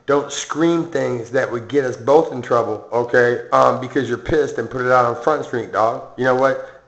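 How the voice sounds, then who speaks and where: A man's voice: mid-range voice, fairly bright tone, reverberant, dull audio. A man delivering a rambling, boastful, threatening rant to the camera, filled with "um" and "okay". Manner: boastful, confrontational, full of ums and okays. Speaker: vlogger.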